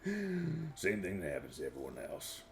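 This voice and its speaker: A gravelly, swaggering shopkeeper cat. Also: male voice, low-pitched, wildly swooping pitch, normal speed, exaggerated voice. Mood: taunting. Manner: taunting, threatening, swaggering. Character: arrogant, menacing fluffy male cat shopkeeper. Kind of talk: tabletop role-play voicing.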